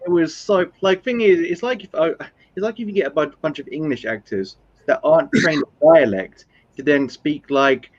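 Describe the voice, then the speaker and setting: A man's voice: fairly high pitch, lively intonation, moderate pace, lo-fi sound. A man chatting casually in a film discussion live stream, rambling and explaining his points through examples.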